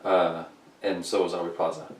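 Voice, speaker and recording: A man's voice: low-pitched, little pitch movement, normal speed, slight background noise. A man co-hosting a podcast, teasing his partner and laughing often in casual comedic banter. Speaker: podcast co-host. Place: indoor recording room. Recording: roomy room, mic at a distance.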